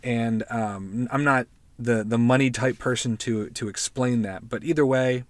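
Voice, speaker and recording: A man's voice: mid-range voice, steady tone, unhurried, dry recording. A man hosting a casual podcast, recapping a movie in a rambling way with lots of fillers, restarts and swearing. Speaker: podcast host.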